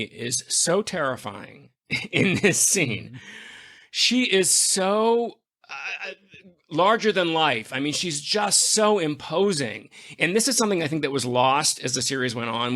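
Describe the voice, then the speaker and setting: A man's voice: a little high, sharp tone. A man hosting a podcast in casual chat, an effusive storyteller who gushes with enthusiasm. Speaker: podcast host.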